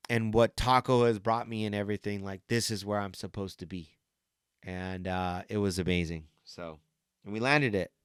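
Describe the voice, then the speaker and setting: A man hosting a podcast, talking in a rambling, excited way, swearing often and laughing between stories. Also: fairly low pitch, clean tone, no echo, studio quality. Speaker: podcast host. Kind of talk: casual chat.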